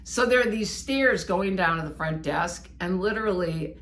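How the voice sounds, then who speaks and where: A woman co-hosting a podcast, telling a personal story in an animated, self-mocking way. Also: lowish voice, normal speed. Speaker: podcast co-host. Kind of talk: casual storytelling chat.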